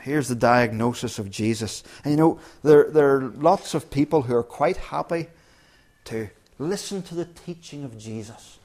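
Mid-range in pitch and moderate in pace, this man preaches a sermon earnestly and emphatically. He often restarts phrases and strikes key words with sudden loud emphasis.

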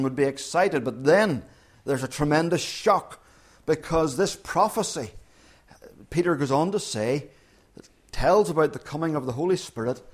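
A man preaching a sermon, who acts out the crowd's and Peter's words with dramatic rises and falls. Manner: dramatic, acts out quoted voices with big swings in pitch.

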